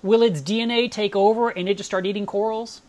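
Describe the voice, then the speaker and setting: A woman's voice: medium pitch, fairly even intonation, fairly quick, darkish tone. A woman hosting a live stream, chatting casually and telling stories with enthusiasm.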